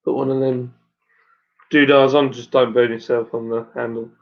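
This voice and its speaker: Sitting by the fire at home, a Suffolk brewer with a broad accent chats on his live stream, reading viewer comments in a rambling, matey way full of ums and uhs. His middle-pitched voice is flat and at normal speed, and the recording is dull and lo-fi.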